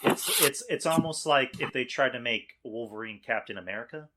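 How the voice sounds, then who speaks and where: Man, podcast guest, casual chat, quick agreeing interjections, sudden loud bursts, mid-pitched. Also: animated.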